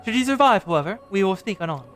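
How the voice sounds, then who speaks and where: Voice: medium pitch, animated, fast talker, faint music behind, natural voice. Streamer reading an ominous robed stranger with archaic speech. Cryptic, formal, close to their own voice. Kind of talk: reading game dialogue aloud on a stream.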